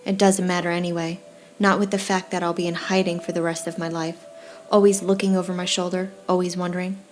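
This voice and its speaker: Angry young woman in a hospital bed cursing everyone out, low-ish voice, read by a woman. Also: flat delivery, brisk, natural voice. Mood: bitter, broken. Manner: swearing, sharp outbursts. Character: young woman, furious and grieving hospital patient.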